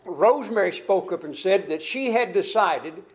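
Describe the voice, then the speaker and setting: A man's voice: high-pitched, expressive, normal speed. An older man from the United States preaching a sermon, rambling, repeating and restarting phrases and drawing out key lines.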